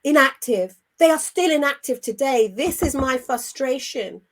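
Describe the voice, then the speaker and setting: Woman, middle-aged, Christian show co-host, emphatic, indignant, earnest, high voice. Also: expressive. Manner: emphatic and indignant, with measured phrasing. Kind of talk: earnest spiritual talk.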